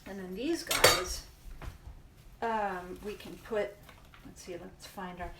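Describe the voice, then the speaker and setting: A woman with a mid-range voice speaks slowly while hosting a casual live cooking demo in her home kitchen, chatting and explaining as she works and often stopping mid-sentence. The room echoes, the mic is distant, and it's very noisy.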